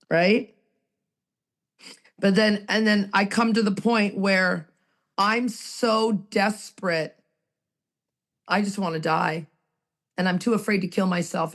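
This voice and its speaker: A Canadian-born woman in a recovery roundtable, sharing her story in a raw, emotional, rambling way. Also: medium pitch. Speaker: recovery group participant.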